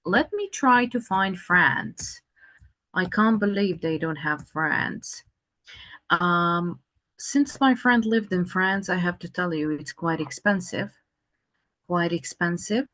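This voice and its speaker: A woman teaching an English conversation lesson, speaking slowly and patiently with many fillers. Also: on the low side, lively intonation, a bit bright.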